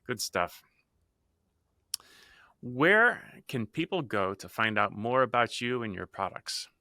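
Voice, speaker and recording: A man's voice: mid-range voice, sing-song, slow, pushed and bright, no room sound. A man hosting a podcast interview who asks easygoing, curious questions. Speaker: podcast host. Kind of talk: interview conversation.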